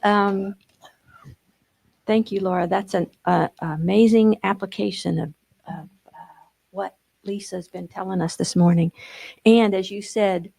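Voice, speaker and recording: Gravelly woman reading a prayer aloud. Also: medium pitch, fairly even intonation, unhurried, long pauses, a little mellow, dry recording. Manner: hesitant, with many fillers. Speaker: group member reading aloud.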